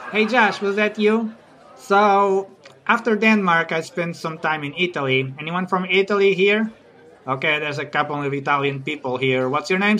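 A man's voice: fairly high pitch, sharp tone. A man doing a stand-up comedy routine, chatty, teasing the audience and giggling at his own jokes.

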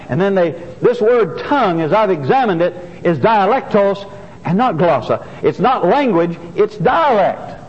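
A man's voice: high-pitched, sing-song, a little slow, big-room sound, muffled recording. An older man preaching a sermon, earnestly repeating key phrases for emphasis. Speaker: pastor. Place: church sanctuary.

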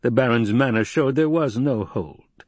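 A man narrating a novel in a steady, measured storytelling voice. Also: medium pitch, slightly rough, no echo. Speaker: audiobook narrator. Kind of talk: scripted narration.

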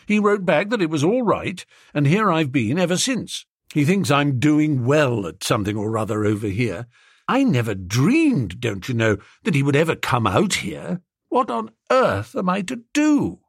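A man voicing a gloomy, hard-up young gentleman in an audiobook, rambling in flustered, old-fashioned slang. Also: a little high, big pitch swings, normal speed, creaky, slightly rough, no echo, studio quality, heavily acted. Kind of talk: audiobook character voice.

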